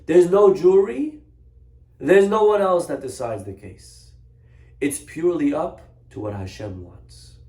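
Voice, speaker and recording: A man giving a sermon, telling a parable and acting out the characters' voices in an animated way. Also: medium pitch, a little slow, reverberant. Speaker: rabbi giving a Torah talk.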